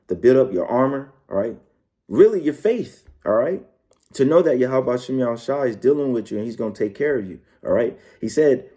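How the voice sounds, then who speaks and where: A man's voice: mid-range voice, warm tone. A man teaching scripture in a loose, casual way, ending his phrases with "all right" and "man", with many fillers and restarts. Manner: reads verses slowly. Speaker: preacher.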